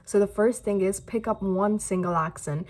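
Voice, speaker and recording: A woman's voice: mid-range voice, moderate pace, darkish tone. A young woman from India with an American-style accent, giving a casual, chatty online pronunciation lesson. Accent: American-style English. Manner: casual and chatty, with frequent fillers. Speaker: English pronunciation teacher. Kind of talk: YouTube lesson.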